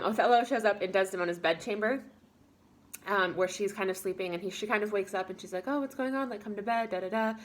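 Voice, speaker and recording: A woman's voice: mid-range voice, a bit bright. A woman giving a casual spoken lesson summary as a teacher, talking informally with lots of fillers and paraphrasing characters' lines.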